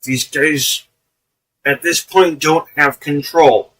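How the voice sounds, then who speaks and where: A man's voice: a little high, fairly even intonation, slow pace, fairly bright tone, far from the mic, poor audio. Profane, laughing man streaming from afar. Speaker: live streamer. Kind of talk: casual live-stream commentary.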